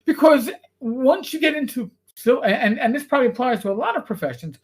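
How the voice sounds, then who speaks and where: A man's voice: very high voice, a little fast. A man, a former police officer, guesting on a podcast and telling stories with lots of casual swearing. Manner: profane, animated storyteller. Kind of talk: casual chat, storytelling.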